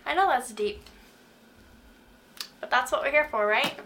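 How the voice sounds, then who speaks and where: Earnest woman with a bright voice. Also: high-pitched, animated, a little slow. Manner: earnest, asks the listener direct questions. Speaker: Christian speaker. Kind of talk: faith-based motivational talk.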